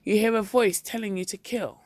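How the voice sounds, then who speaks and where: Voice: mid-range voice, fairly even intonation, no echo, pitched above the performer's own voice, natural voice. A reader doing a probing psychiatrist. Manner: questioning, measured.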